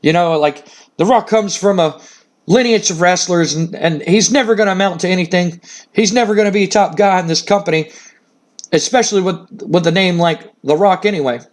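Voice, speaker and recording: A man's voice: high-pitched, fairly quick, natural voice. A man voicing a bossy older company owner, blustery and pushy, with little change from his own voice. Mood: scheming.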